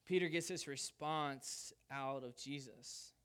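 A man preaching a sermon, casual and conversational, with an animated delivery. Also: medium pitch, slow pace, smooth. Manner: lively, conversational preaching with Southern "y'all". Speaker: pastor.

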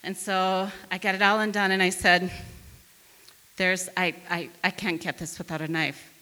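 A woman's voice: fairly low pitch, moderate pace, long reverb tail. A woman from northern Wisconsin telling a funny personal story to an audience, acting out the voices of the people in it. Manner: lively, acts out quoted voices.

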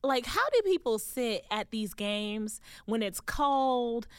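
An exuberant woman hosts her podcast from a recording booth. Her high, bright voice leaps all over the place as she gushes playfully, and the sound is close and dry. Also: animated, takes it slowly, clean tone, no room sound. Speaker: podcast host. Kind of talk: casual podcast chat.

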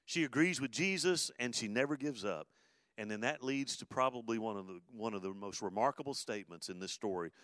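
A man preaching a sermon, his voice sitting at a middle pitch. He swings between quiet, low asides and sudden loud, emphatic bursts. The sound is dry and close to the mic. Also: dry recording. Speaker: pastor.

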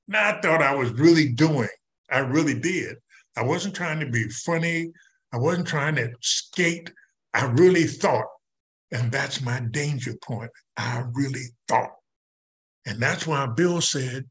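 A man's voice: medium pitch, slow, a bit bright. An older man giving a folksy, conversational personal testimony at a recovery meeting, speaking straight to the audience.

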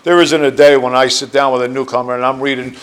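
A man's voice: mid-range voice, little pitch movement, quick pace. A man in his sixties with a New Jersey accent, sharing his life story at a recovery meeting in a rambling, earnest way full of fillers. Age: 60s. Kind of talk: personal testimony talk. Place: meeting room.

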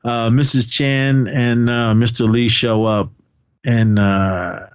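A man's voice: medium pitch, flat delivery, slow, smooth, no room sound, lo-fi sound. A man co-hosting a podcast, casually retelling movie scenes, often laughing and swearing now and then. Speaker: podcast co-host. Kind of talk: casual movie recap chat.

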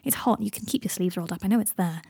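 A woman voicing a hesitant, gentle young wizard who stammers and turns frantic when frightened. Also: mid-range voice, very fast, vocal fry, husky, no echo, studio quality. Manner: stammering, soft-spoken, panicky when frightened.

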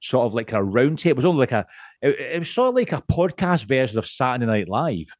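Scottish male podcast guest, mid pitch, rambling and sweary, very dry close mic. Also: sing-song, quick pace, a little mellow, no echo. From Scotland. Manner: rambling, swears freely, laughs often. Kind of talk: casual podcast chat.

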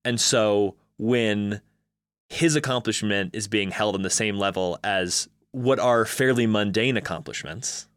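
A man's voice: fairly low pitch, a little slow, a bit bright, smooth, no echo, clean studio sound. A man co-hosting a casual film discussion, thoughtful and working through ideas step by step. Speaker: film podcast co-host.

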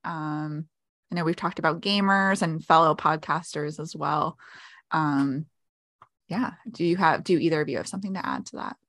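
A woman's voice: deep voice, normal speed, a bit bright, dry recording, clean studio sound. A woman co-hosting a casual podcast, chatty with frequent fillers. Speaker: podcast co-host.

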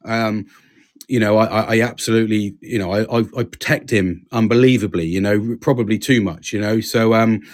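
A man hosting a podcast, talking earnestly in a halting, casual way and swearing freely. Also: on the low side. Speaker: podcast host. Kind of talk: casual chat.

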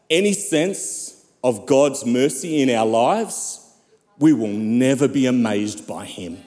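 A man's voice: high voice, darkish tone, big-room sound. A man preaching a sermon as pastor, fervent and calling out to the congregation. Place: church.

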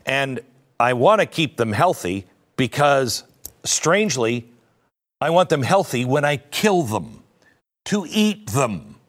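A man's voice: mid-range voice, sing-song, slow. A middle-aged man hosting an opinion talk show, speaking in a sardonic, conversational way with self-mocking asides. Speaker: host.

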